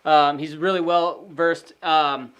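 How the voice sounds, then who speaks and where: A man co-hosting a casual podcast, running through fighter stats in a steady listing manner. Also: a little high, slow pace, smooth, lo-fi sound. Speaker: podcast co-host. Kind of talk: casual sports prediction chat.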